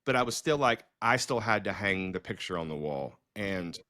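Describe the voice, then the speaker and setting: A middle-aged man with a lowish voice tells stories in loose, animated conversation. He restarts sentences and fills pauses often. The sound is dry and close, with no room around it. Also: no echo. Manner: animated storyteller, many fillers and restarts. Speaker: filmmaker and podcast host. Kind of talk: casual storytelling conversation.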